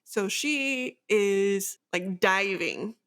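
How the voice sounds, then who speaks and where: A woman's voice: medium pitch, extremely slow, a bit bright, clear, resonant tone. A woman co-hosting a casual book discussion, recapping the plot at length with many "like" fillers. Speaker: book podcast co-host.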